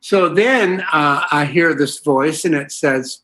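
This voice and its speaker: A man's voice: a little high, takes it slowly, fairly bright tone. An older man from Southern California giving a folksy, rambling personal talk at a recovery meeting, full of fillers and asides.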